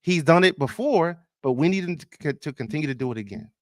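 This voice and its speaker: A man hosting a casual sports podcast, talking in an animated way, exclaiming and restarting often. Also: a little high, fast talker, no room sound, clean studio sound. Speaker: podcast host.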